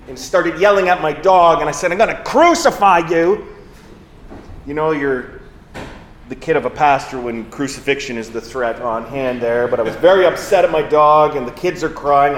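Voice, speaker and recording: A pastor preaching a sermon in a church, telling everyday stories in a conversational, self-mocking way. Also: male voice, a little high, moderate pace, echoey room, a little hiss or hum.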